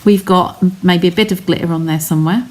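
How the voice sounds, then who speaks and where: A woman's voice: lowish voice, fairly quick, darkish tone. Chatty woman demonstrating card crafts. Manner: chatty, explains step by step, talks to viewers. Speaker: craft live-stream host. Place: home craft studio.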